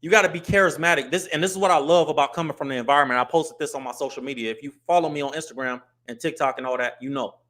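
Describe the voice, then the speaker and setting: An American man in middle age, speaking as host in loose, lively commentary. His voice sits a little high for a man, and he slips into put-on voices to show how people talk. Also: very fast, hardly any pauses. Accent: US English. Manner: animated, acts out street and business voices. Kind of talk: casual commentary to camera.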